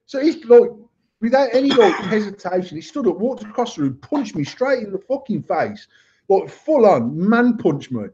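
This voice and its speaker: Guy spinning a sweary story, laughing along, kinda husky, dull muffled audio. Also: high voice, fairly quick. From United Kingdom. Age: adult. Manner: sweary, animated, laughs through his own story. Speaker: podcast co-host. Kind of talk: casual storytelling banter. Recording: dull lo-fi sound.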